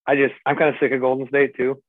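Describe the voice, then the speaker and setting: A man's voice: mid-range voice, completely flat delivery, quick pace, no echo. A man in casual sports chat who grumbles, swears and keeps restarting his thoughts. His mid-range voice comes through a tinny, phone-like line. The sound is dry, with no room around it. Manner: grumbling, profane, restarts often. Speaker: podcast co-host.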